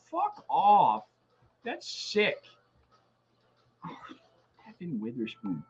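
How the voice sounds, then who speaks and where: A young man live-streaming a sports draft reaction, excitable and swearing in frustration at the picks. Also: on the high side, measured pace, highs cut off.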